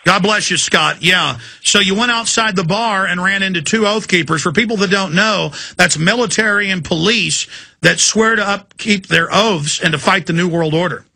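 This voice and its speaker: Talk radio host, male, gravelly and intense, high bright voice, dry studio sound. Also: moderate pace, dry recording. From Texas. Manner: gravelly, emphatic, ranting. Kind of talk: fiery talk radio monologue. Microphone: studio mic.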